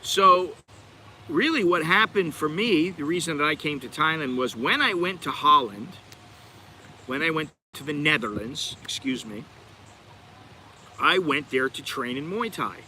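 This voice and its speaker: A man's voice: fairly high pitch, lively intonation, measured pace, pushed and bright, a little hiss or hum. A middle-aged American man hosting his channel, rambling in a chatty, digressive way and talking straight to his viewers. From United States. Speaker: channel host. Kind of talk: rambling livestream chat.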